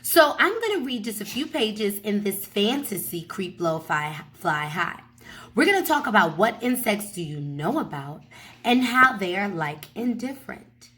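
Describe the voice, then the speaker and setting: A woman teaching a first grade reading lesson in a slow, emphatic manner, often checking in with her pupils. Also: mid-range voice, sing-song, fairly bright tone. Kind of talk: recorded classroom lesson. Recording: echoey room, mic far off.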